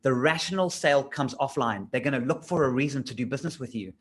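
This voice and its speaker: A man's voice: mid-range voice, quick pace. Enthusiastic man coaching in casual talk. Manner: enthusiastic, conversational, pushes points with rhetorical questions. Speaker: LinkedIn trainer.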